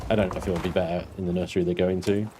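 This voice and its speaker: A man in his thirties with a fairly low voice chats loosely through a game stream, swearing offhand and replying to viewers. A steady hiss of background noise runs under his desk mic. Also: racing. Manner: chatty, swears casually, reads out chat. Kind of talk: casual gaming stream chat.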